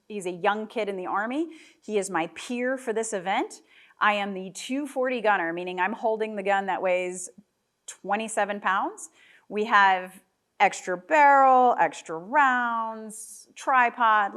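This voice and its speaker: A woman's voice: medium pitch, a bit bright. A woman in her thirties telling a candid, jokey story to a live audience, with asides to the crowd. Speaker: guest speaker. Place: event hall with a live audience.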